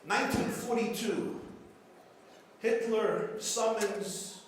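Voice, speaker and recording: Speaking slowly with fairly even intonation and a high-pitched voice, a male rabbi tells jokes and stories in an after-dinner keynote, repeating phrases for dramatic effect. The sound is very echoey, with faint room noise from the large banquet hall.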